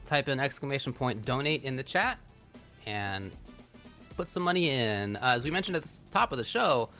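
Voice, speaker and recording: A male commentator on a fighting game stream with a bright, forward voice. He talks in a loose, joking way between matches. Faint music sits underneath. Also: medium pitch. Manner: joking, chatty, drives donation segments. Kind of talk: esports commentary.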